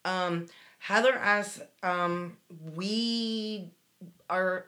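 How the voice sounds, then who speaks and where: A woman's voice: mid-range voice, steady tone, drawn-out words, sharp tone. A woman co-hosting a casual podcast, reading listener messages and talking frankly, swearing freely. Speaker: podcast co-host.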